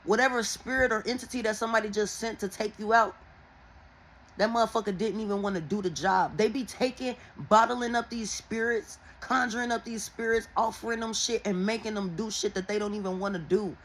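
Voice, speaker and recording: A woman who reads tarot, telling viewers a dream in a casual, animated and heavily profane way. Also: mid-range voice, a little fast, rough recording. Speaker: tarot and oracle reader.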